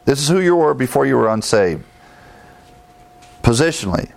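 A man's voice: medium pitch, very animated, normal speed, vocal fry, darkish tone. A man teaching a sermon, emphatic, repeating key phrases and citing scripture verses. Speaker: preacher.

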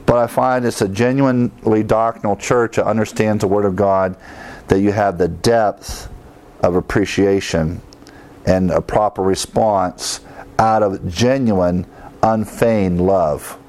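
Working verse by verse through the Bible, a pastor preaches conversationally, leaning on frequent fillers and dropping wry asides. He has a fairly low, darkish voice with fairly even intonation and an unhurried delivery.

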